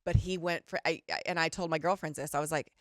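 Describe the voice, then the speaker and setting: Candid rambling mom on a podcast. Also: female voice, sits low, quick pace, no room sound, clean studio sound. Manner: rambling, animated, candid, swears casually. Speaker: podcast co-host. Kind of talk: casual chat.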